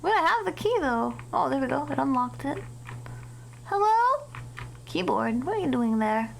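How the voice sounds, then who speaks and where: A woman streaming a horror game live, excitable and cursing a lot, shrieking whenever something startles her. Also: high voice, normal speed, creaky, rough recording. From United States. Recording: loud game noise behind the voice.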